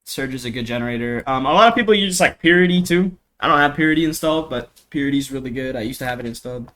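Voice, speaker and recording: With a fast, mid-range voice that's bright and a bit sharp, a young man talks through a casual screen-recorded tutorial on home production. Rambling loosely, he piles on slang, fillers and swearing, all captured by a cheap desk mic in his home studio.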